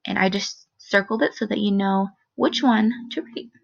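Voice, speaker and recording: Patient first grade teacher, slightly gravelly. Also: female voice, mid-range voice, steady tone. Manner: slow, clear, encouraging teacher talk with modeled expression. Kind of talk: recorded phonics lesson for children. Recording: dull, lo-fi sound.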